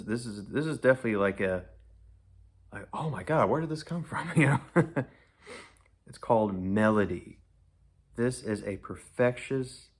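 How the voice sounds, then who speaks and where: A man giving a casual, enthusiastic, rambling album review, laughing often and gushing over songs. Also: on the low side. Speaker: music reviewer.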